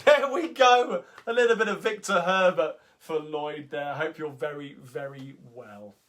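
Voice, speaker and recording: A man's voice: a little high, a little slow, fairly bright tone, soft background music. A man with a London Cockney accent hosting a live sing-along, chatting casually and rambling with lots of ums between songs. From England.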